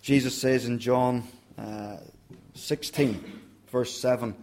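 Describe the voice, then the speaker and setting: A man preaching a sermon in a church, earnest and direct, dropping softer when he speaks God's words to the listeners. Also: mid-range voice, fairly even intonation, slow pace, slight background noise. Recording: roomy church echo.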